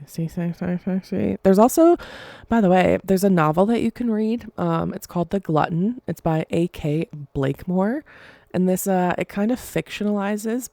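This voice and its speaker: A young woman rambles through a casual solo podcast, chatty and giggly. Her voice sits low with a gravelly fry and a mellow, dark tone. The sound is dry and close. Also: no echo. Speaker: podcast host.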